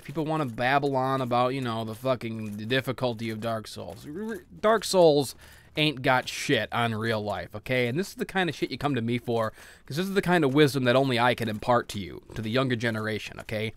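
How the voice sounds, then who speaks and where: A man's voice: medium pitch, a little fast. Grumbly, profane gameplay commentator, man.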